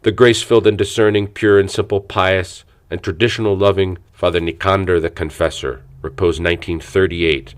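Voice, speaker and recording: A man reading an audiobook aloud in a measured, reverent manner. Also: deep voice, fairly even intonation. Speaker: audiobook narrator. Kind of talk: scripted audiobook narration.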